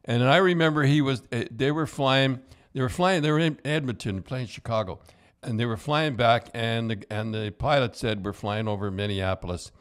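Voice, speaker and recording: A man's voice: mid-range voice, normal speed. An older man, telling hockey stories as a podcast host in a loose, rambling way with many restarts and chuckles. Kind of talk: casual storytelling chat.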